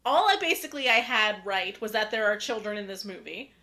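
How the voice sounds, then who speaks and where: A woman's voice: medium pitch, animated, a little fast, bright, forceful tone. A woman co-hosting a podcast, rambling casually and hedging with "kind of". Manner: rambling, hedging with 'kind of'. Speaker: podcast co-host. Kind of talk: casual chat.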